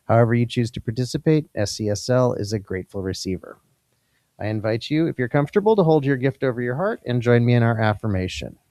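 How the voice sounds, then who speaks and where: Calm man leading a church offering. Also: mid-range voice, quick pace, dry recording. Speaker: service leader. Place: church sanctuary.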